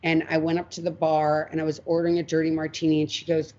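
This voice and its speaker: Woman guest spilling her story real candid, bit low voice, muffled lo-fi sound. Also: moderate pace. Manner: frank, animated, acts out her past self in quotes. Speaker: podcast guest. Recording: muffled lo-fi audio.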